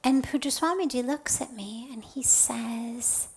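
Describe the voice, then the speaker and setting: Woman, spiritual teacher, slow unhurried delivery, higher voice, soft breathy near-whispers, emphatic rises. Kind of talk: spiritual talk with personal storytelling.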